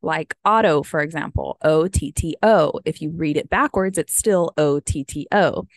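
An American woman in her thirties, a vlogger, chats casually in a low voice at a moderate pace, rambling with plenty of "like" and "um." She's a bit sniffly after tearing up, and the recording is dry.

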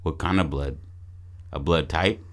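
A man co-hosting a podcast in casual chat, joking crudely and pitching ideas with restarts. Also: unhurried. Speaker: podcast co-host.

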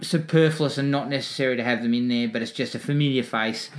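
A man's voice: mid-range voice, quick pace. A man making dry, wry complaints about a film in casual chat.

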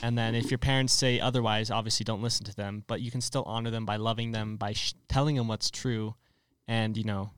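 A young male host walks his friends through a casual faith discussion, explaining points in an earnest, steady way. His voice is smooth and clear, and it sits at an ordinary middle pitch in a dry, close-miked sound. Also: a little fast, hardly any pauses, dry recording.

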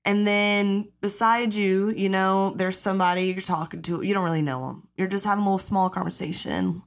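Animated twenty-something woman ranting. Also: mid-range voice, normal speed, few pauses. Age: 20s. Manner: animated, acts out quoted people, swears freely, many fillers. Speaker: podcast host. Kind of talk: casual chat monologue.

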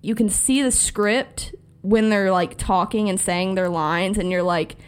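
A woman's voice: mid-range voice, unhurried, smooth. A woman co-hosting a podcast, talking through her opinion of a film in casual chat. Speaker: podcast co-host.

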